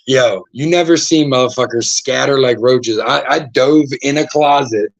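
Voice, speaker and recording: A man hosting a podcast, telling stories in a casual, profane, animated way and acting out the voices of the people in them. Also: medium pitch, normal speed, gravelly, muffled recording. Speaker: podcast host. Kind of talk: casual storytelling chat.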